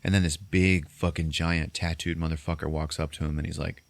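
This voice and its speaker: A man's voice: extremely low pitch, little pitch movement, a little fast, gravelly, few pauses, dry recording. A man hosting a podcast, recapping a movie in a casual, profane, rambling way. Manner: profane, rambling storytelling with fillers. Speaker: podcast host.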